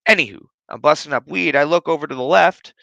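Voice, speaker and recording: Speaking fast with vocal fry, this podcast host has a higher-pitched voice that sounds bright and forceful. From his living room, using a streaming setup, he rambles through a story heavy on swearing and filler words. The audio is dry and rough.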